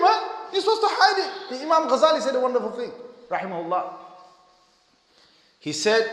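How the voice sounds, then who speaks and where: A man preaching a sermon, mixing joking, self-mocking asides with quiet, earnest appeals. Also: fairly high pitch. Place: mosque hall. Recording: echoey mosque hall.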